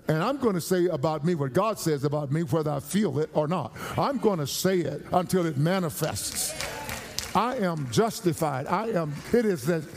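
A male pastor preaching a sermon, emphatic and repetitive, rising in pitch as he grows fervent. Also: darkish tone. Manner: emphatic, repeats phrases, rises in pitch when fervent. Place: church.

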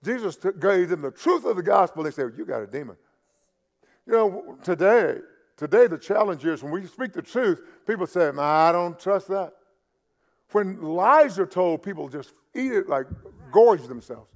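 A man preaching a sermon in a high voice with a gravelly, fried edge. He often stumbles over and repeats words, then builds to loud, emphatic peaks. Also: animated, moderate pace. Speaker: pastor.

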